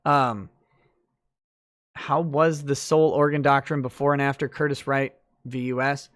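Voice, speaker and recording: A man's voice: mid-range voice, fairly even intonation, unhurried, a bit bright. A man hosting a late-night livestream, chatting loosely through viewer comments with lots of fillers and restarts.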